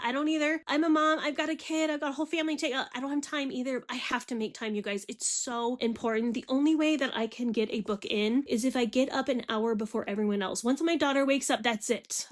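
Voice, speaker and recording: A woman in her forties talking frankly and chattily straight to her viewers in a personal vlog. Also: a little high. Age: 40s. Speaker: vlogger. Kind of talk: candid personal vlog talk.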